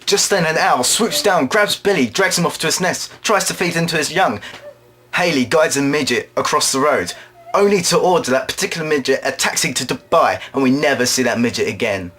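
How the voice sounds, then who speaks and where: A man performing an absurd comic monologue, rambling along in a deadpan way and now and then putting on quick voices. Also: fairly high pitch. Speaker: drama student performer.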